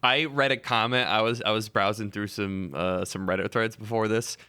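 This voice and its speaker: A man's voice: on the low side, fairly even intonation, normal speed, pushed and bright, smooth. A man co-hosting a podcast, chatting about a film and acting out quotes expressively. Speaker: podcast co-host. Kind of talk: casual movie review chat.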